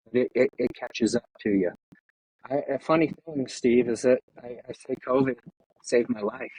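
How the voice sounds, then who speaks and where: A man in his fifties, a retired firefighter, speaking candidly and emotionally in an interview, with halting pauses and restarts over a video call. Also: medium pitch, darkish tone, husky, no room sound, poor audio.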